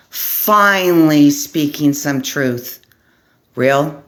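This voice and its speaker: A woman from Arizona giving an impassioned vlog monologue to camera, speaking slowly and deliberately in short, clipped lists. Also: deep voice, fairly even intonation. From Arizona, USA. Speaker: vlogger, formerly homeless advocate.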